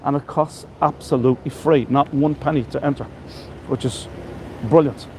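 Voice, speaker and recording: A man's voice: mid-range voice, fairly even intonation, measured pace, long pauses, darkish tone. An Irish man leading a live walking tour through city streets, chatty and enthusiastic, heaping praise on the buildings he shows. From Ireland. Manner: enthusiastic, chatty, full of superlatives. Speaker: tour guide. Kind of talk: live walking tour with viewer shout-outs. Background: faint street and traffic noise.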